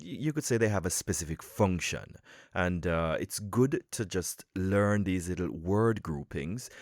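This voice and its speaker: Man, podcast language coach, very low voice, animated pitch, dry close sound. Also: no echo. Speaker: podcast host and English coach. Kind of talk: scripted podcast lesson.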